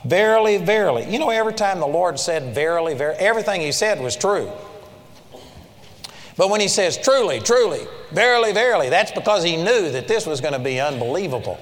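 A male preacher with a notably high voice, delivering a sermon with emphatic swings between loud peaks and hushed low asides. His voice rings with a long reverb, as in a big hall. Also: expressive, brisk.

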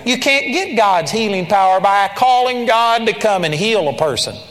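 A man's voice: high voice, lively intonation, moderate pace, a bit bright. A man preaching a sermon in an emphatic way, sometimes mimicking timid, pleading prayers. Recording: long hall reverb.

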